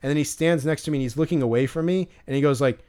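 A man's voice: fairly high pitch, racing, darkish tone, smooth. A man co-hosting a podcast, telling a story in a rambling casual way with lots of fillers and restarts. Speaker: podcast co-host.

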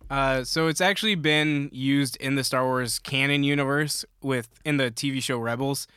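A man talking through a casual fan discussion, unhurried and explaining at length with many fillers. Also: medium pitch, steady tone, pushed and bright, smooth, no echo, studio quality.

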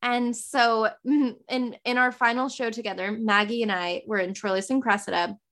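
High-voiced young woman rambling through a story. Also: moderate pace. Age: young adult. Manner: rambling animated storytelling, many fillers and restarts. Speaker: podcast host. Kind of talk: casual chat.

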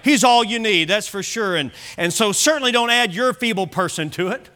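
High, bright-voiced male preacher. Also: moderate pace. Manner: emphatic preaching with repeated phrases. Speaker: pastor. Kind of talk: sermon. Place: church service.

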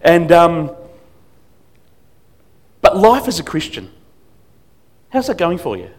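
A man's voice: on the high side, wildly swooping pitch, slow. A man preaching as a guest pastor, telling stories with humor and acting out what people said. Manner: storytelling with humor and acted quotes. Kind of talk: sermon.

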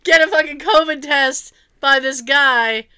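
A woman telling a travel story on a casual chat podcast, animated, swearing freely and laughing often. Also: high-pitched, measured pace.

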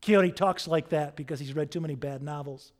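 A man preaching a sermon, telling a story in an expressive, animated way. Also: a little high, fairly quick.

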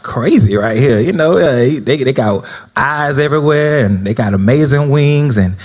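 Preaching as minister, this young man from South Florida speaks at a moderate pace with a medium, slightly mellow voice. His sermon feels like a conversation, dotted with laughing asides and check-ins with the congregation.

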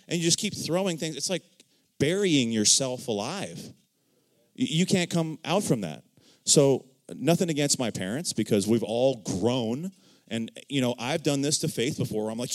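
A man speaking in a casual faith discussion, telling his own story with lively swings of tone and voicing the people he quotes. He keeps turning to his listeners with "right?". His voice sits at a middle pitch for a man. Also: normal speed. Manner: animated storyteller acting out quoted dialogue; says "right?" often to check in with listeners. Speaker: church member sharing testimony.

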